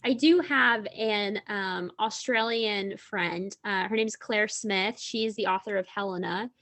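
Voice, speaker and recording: Chatty, animated young woman. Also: mid-range voice, unhurried. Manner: animated, chatty, laughs often. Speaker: guest author. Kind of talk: casual interview chat.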